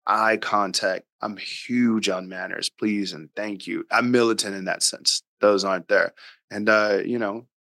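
Male podcast guest: forceful, bright tone, dry close mic, emphatic and blunt. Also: fairly low pitch, no echo. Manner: emphatic, acts out dialogue with his daughter; blunt, occasional swearing. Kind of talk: casual interview talk.

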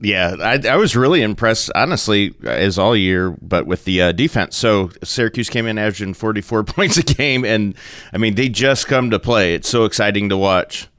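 A former football coach co-hosting sports radio, casual and halting with fillers. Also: male voice, on the low side, expressive, fairly bright tone, no echo, clean studio sound. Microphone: studio microphone.

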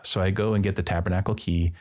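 A man's voice: deep voice, steady tone, quick pace, a little mellow. A man, a priest and podcast guest, telling a personal story in casual conversation and acting out the dialogue with playful asides. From Midwestern United States.

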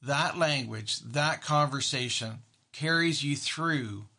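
A man's voice: medium pitch, takes it slowly, creaky, bright, forceful tone. A man, a therapist, talking casually about everyday moments and acting out his own reactions, with many restarts. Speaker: therapist and podcast host. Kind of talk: casual monologue.

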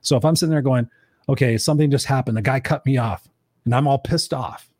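A man hosting a casual coaching conversation, animated and swearing freely as he acts out quoted voices. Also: mid-range voice, brisk, no echo, studio quality. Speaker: podcast host.

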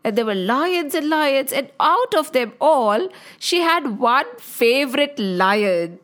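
A woman narrating a children's story in an animated, sing-song way. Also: high voice, slow.

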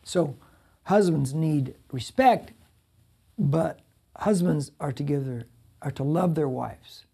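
Brief: middle-aged male pastor, sermon delivery, warm dark tone with a slightly husky edge, speaks straight to the congregation. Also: a little high, slow, long pauses. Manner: conversational, addresses the congregation directly.

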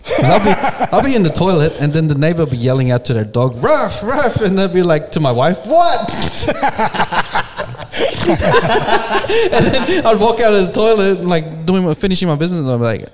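Man, animated jokey delivery, reverberant room, faint noise. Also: on the high side, fast talker, hardly any pauses. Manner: jokey, lively, plays with words. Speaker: podcast co-host. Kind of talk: casual podcast banter.

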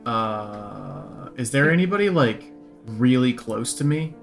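A man's voice: mid-range voice, expressive, slow pace, vocal fry. A man describes his tabletop character's actions, groping for words and padding them with fillers. Faint music sits underneath. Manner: searching for words, fillers like "like" and "you know". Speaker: player. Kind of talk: casual tabletop play.

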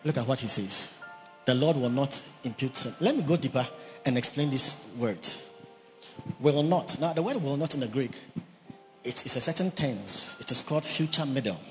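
A man's voice: mid-range voice, expressive, moderate pace, soft background music. A man preaching a sermon, emphatic, who repeats key words and has the congregation say phrases after him. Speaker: pastor. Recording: long reverb of a large hall.

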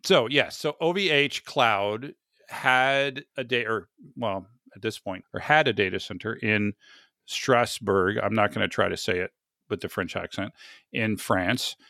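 Bright-voiced American man rambling about tech. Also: fairly low pitch, unhurried, no room sound, clean studio sound. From United States. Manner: rambling, self-mocking, repeats words. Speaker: podcast host. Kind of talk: casual tech chat.

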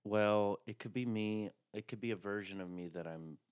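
Man, from Tennessee, podcast host; low-ish voice, calm and even, unhurried interviewer. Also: smooth. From Chattanooga, Tennessee. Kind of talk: casual interview chat.

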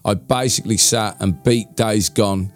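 A man's voice: on the low side, steady tone, unhurried, faint music behind. A man co-hosting a casual podcast chat, easygoing and joking, talking through a sore throat. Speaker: co-host, tattoo artist.

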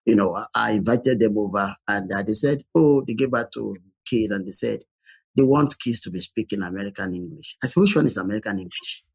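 A man talking as a podcast guest, telling an animated story and often repeating his words. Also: fairly low pitch, fast, vocal fry, slightly rough, no echo. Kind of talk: podcast conversation.

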